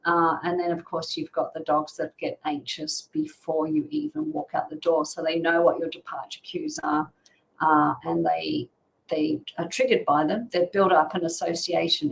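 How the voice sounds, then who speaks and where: Guesting on a casual podcast, a woman who is a dog behaviour expert explains things in a chatty way, with plenty of "um" and "you know" and frequent laughter. She speaks at normal speed in a fairly low voice with vocal fry, and the recording is low quality.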